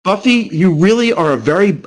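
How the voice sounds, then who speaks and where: A man's voice: high-pitched, animated, brisk. A man from New Jersey ranting angrily and profanely at people over voice chat. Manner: angry, profane, berating. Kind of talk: voice chat rant.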